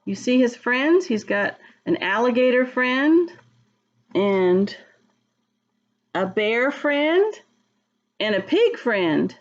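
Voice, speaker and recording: Woman, storytime reader for young kids; slow, gentle, asks questions; muffled lo-fi sound. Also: a little high, big pitch swings. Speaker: early-childhood reader. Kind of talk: reading a picture book aloud to young children.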